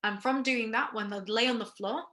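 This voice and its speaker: A woman teaching a first aid workshop in a recorded lesson, explaining each step, pausing to ask questions, and checking in with frequent okays. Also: a little high, fairly even intonation, bright, forceful tone.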